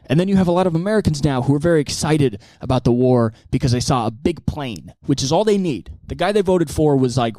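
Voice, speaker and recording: Animated, profane male stand-up comic. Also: on the high side, quick pace, hardly any pauses, dry recording. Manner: animated, profane, acts out many voices. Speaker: stand-up comedian. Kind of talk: stand-up comedy monologue.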